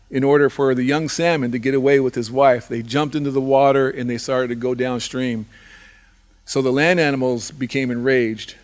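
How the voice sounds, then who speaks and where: A man telling a traditional animal story live, in a repetitive rhythmic way with restarts. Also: medium pitch. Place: live fundraiser event.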